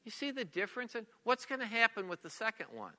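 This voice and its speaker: A man's voice: sits high, very animated, quick pace, sharp tone, long reverb tail. A middle-aged man preaching a sermon as a pastor, earnest and repetitive, sometimes dropping to a near whisper for emphasis.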